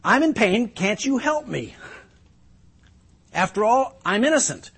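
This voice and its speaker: A man's voice: very high-pitched, big pitch swings, a little slow, fairly bright tone, breathy edge, voice pushed up, exaggerated voice. A man voicing an anguished, suffering man who pleads with his friends and turns bitterly sarcastic. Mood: pleading. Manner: impassioned, pleading then sarcastic.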